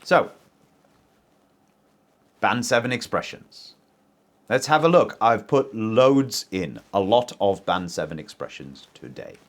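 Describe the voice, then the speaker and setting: A man teaching English as a native speaker, modelling sentences for learners to repeat in a pronunciation lesson. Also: lowish voice. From English-speaking country. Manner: very lively teacher intonation, slow deliberate pacing.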